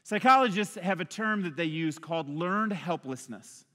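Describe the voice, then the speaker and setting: A pastor preaches with energy and a conversational style from a church stage, speaking at a normal pace. He has a high, bright male voice, and the hall adds a long, trailing reverb to everything he says.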